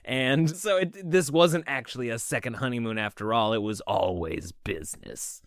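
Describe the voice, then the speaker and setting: A man co-hosting a film podcast in casual chat, animated and laughing often, with some casual swearing. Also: mid-range voice, moderate pace, no echo, studio quality. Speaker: podcast co-host.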